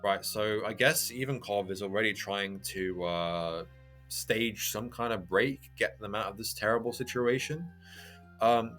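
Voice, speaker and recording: A man's voice: on the low side, normal speed, fairly bright tone, soft background music. A man hosting a reaction channel, reading a manga aloud and commenting in a chatty, hesitant way. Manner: chatty, hesitant with many fillers.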